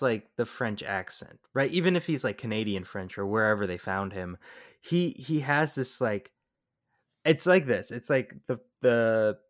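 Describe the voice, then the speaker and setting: A man co-hosting a podcast, talking through a movie in a rambling, excitable way. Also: mid-range voice. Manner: rambling, excitable, lots of fillers. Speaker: podcast co-host. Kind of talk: casual movie review chat.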